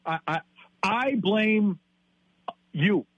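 A man in his fifties, from Wisconsin, delivers an exasperated sports-talk rant, repeating himself as he goes. His voice sits high and comes out husky. The sound is dry and close. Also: expressive, drawn-out words, a bit bright, dry recording, lo-fi sound. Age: 50s.

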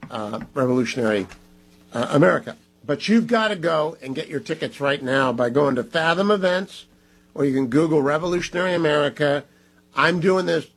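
A man's voice: medium pitch, breathy edge. A middle-aged man hosting a radio talk show, reading ads live in an emphatic, conversational way and repeating phone numbers.

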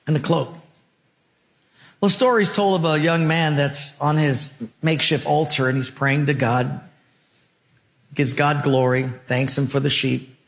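Middle-aged pastor telling a sermon story. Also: male voice, on the high side. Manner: storytelling with dramatic pauses.

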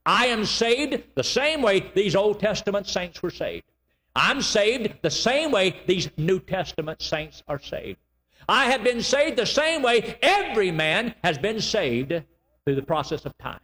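A man preaching a sermon, emphatic and repetitive, with sudden loud rises and slow, drawn-out lines. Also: high voice, sing-song, in a large hall.

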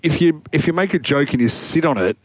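A man's voice: on the high side, animated, a little fast, no echo. A man co-hosting a radio show, joking and bantering in casual chat. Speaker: radio co-host.

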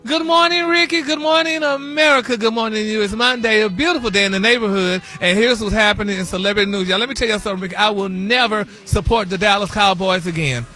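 A man's voice: high-pitched, fast talker, hardly any pauses, sharp tone, faint music behind. A man playing a flamboyant, sassy gossip host on a morning radio show, calling everyone honey and y'all. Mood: cheerful. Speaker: celebrity gossip correspondent. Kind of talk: comedic radio gossip bit.

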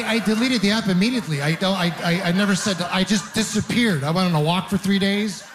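Young male stand-up, somewhat high voice, rambling self-mocking storyteller, live club set. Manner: rambling, self-deprecating storytelling with animated asides. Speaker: stand-up comedian. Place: comedy club stage with live audience.

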